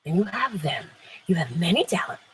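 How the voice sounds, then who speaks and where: A woman's voice: on the low side, very animated, a little fast, a bit bright, slight background noise, rough recording. A woman hosting an inspirational morning livestream, playful and emphatic, laughing often and answering viewers in the chat. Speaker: livestream host.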